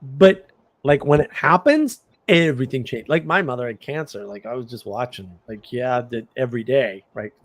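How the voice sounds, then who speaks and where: On his livestream, a middle-aged man tells rambling stories with animated energy, breaking into bursts of laughter as he chats casually. He speaks at a medium pitch and normal speed.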